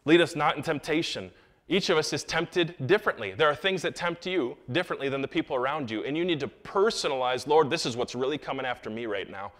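A man's voice: a little high, lively intonation, quick pace, hardly any pauses, a bit bright. Young man preaching with emphatic rises. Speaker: pastor. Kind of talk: sermon. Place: church sanctuary.

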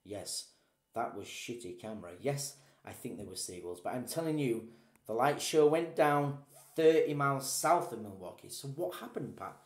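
A man's voice: mid-range voice, expressive, normal speed. A man chatting casually over wine at home as a co-host, rambling and reading viewer comments aloud. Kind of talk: casual tipsy chat. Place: home room, at night. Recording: echoey room.

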